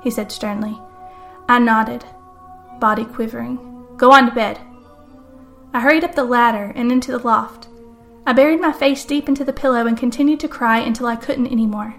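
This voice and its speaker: A woman reading a murder story aloud in dramatic first-person narration, with a fairly high voice. Soft music runs under her. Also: fast. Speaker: podcast host and author.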